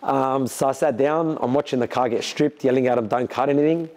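A man's voice: mid-range voice, brisk. An Australian man who builds and races cars, telling the emotional story of his crash in bursts and acting out what others said. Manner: emotional, talks in bursts, lively quoting of others. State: sore after a crash. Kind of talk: candid storytelling to camera.

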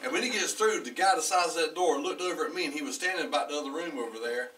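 Male pastor, fairly high and bright, animated storyteller, heard from a distance in a church. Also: racing. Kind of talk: storytelling sermon with congregation. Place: church hall.

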